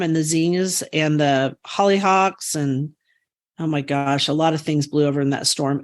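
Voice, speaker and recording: Enthusiastic rambling woman co-host. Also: on the low side. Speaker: podcast co-host. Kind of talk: casual chat.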